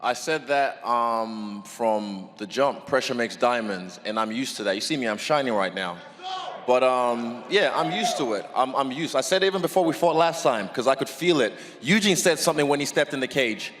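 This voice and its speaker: Relaxed confident fighter, man, hall echo. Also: medium pitch, moderate pace. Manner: laid-back, confident, swears casually. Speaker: fighter at a press conference. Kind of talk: press conference answers. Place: press conference venue.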